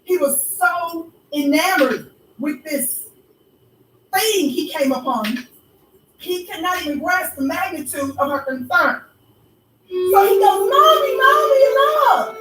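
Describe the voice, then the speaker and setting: A woman's voice: high-pitched, slow, long pauses, fairly bright tone, recorded from a distance, slight background noise. A woman vlogger telling a mocking story in an emphatic, preacher-like way, recorded in an echoey room away from the mic with faint music. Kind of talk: storytelling commentary.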